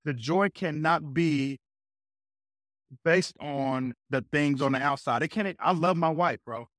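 Man, energetic storyteller, preacher-like, fairly high voice, dry sound. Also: slow, no room sound. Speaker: podcast guest. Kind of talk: casual faith talk.

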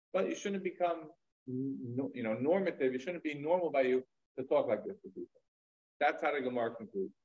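A man's voice: mid-range voice, dull audio. A man teaching a Talmud lecture, retelling a story in a conversational way with casual fillers and asides. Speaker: rabbi teaching.

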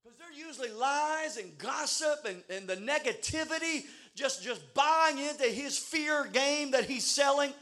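High, bright, fervent shouting preacher man. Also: animated, measured pace, few pauses. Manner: shouting, fervent preaching with call-and-response build-ups. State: out of breath. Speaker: pastor. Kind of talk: sermon. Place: church service on a stage.

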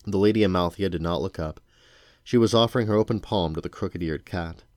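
A man reading a novel aloud to his children in a steady, unhurried way. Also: low-pitched, dry recording, clean studio sound.

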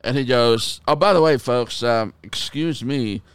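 A man hosting a podcast in casual chat, telling stories in an animated way and swearing freely. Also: medium pitch, unhurried, clean tone, no echo, clean studio sound. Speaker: podcast host.

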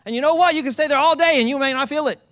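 High, bright-voiced preaching man. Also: very fast. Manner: emphatic, repetitive preaching with rhetorical questions. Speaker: pastor. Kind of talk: sermon. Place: church in Georgia.

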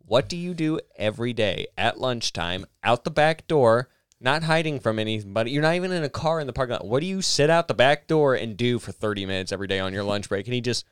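A young adult man telling a loud, profane story on a podcast and putting on voices for the people in it. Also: mid-range voice, fast, clean tone, no room sound, clean studio sound. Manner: loud, profane, animated, does voices in quotes. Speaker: podcast co-host. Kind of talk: casual storytelling.

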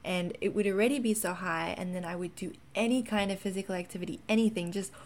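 This time the wellness vlogger from South Africa speaks at a quick pace, her medium-pitched voice carrying a mixed South African accent as she rambles casually, full of ums.

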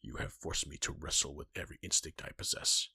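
A man voicing a stern, gruff older warrior god in a fan-fiction reading, with a low, half-whispered delivery. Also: steady tone, fairly quick, bright, forceful tone, dry recording, clean studio sound, exaggerated voice. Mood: brooding.

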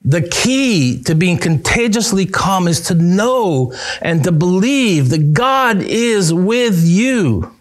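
A male pastor preaching a sermon, emphatic, repeating key phrases and dropping low on punch lines. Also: big pitch swings, slow, hardly any pauses.

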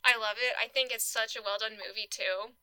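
A young woman co-hosting a casual film podcast, animated and giggly, with lots of "like" and "um". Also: on the high side, fairly quick, smooth, no echo, low-quality recording. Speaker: podcast co-host. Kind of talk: casual film discussion chat.

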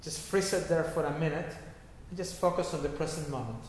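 A man's voice: fairly high pitch, brisk. A man teaching a guided laughter meditation class, giving instructions and checking in with a repeated "okay?". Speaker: yoga teacher. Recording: echoey hall with faint noise.

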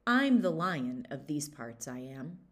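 Storybook weasel: small, brave, bragging, read by a woman in a lively voice. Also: low-pitched, heavily acted. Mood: boastful. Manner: swaggering, brisk and eager. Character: bold boastful little male weasel.

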